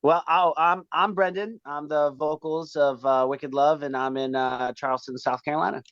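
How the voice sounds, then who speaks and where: A man's voice: fairly high pitch, fairly even intonation, normal speed, a bit bright, smooth, no echo, muffled recording. A man, a band's vocalist, telling the story of how the band began in a rambling, casual interview. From Pennsylvania, raised in New England.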